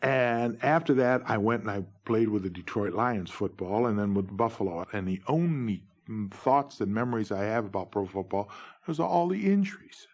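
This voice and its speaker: A middle-aged man from New York State, a former umpire, tells his own stories in a lively anecdotal way, acting out the dialogue. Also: moderate pace. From New York State, USA. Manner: animated, acts out dialogue with big pitch jumps. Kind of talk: anecdotal storytelling.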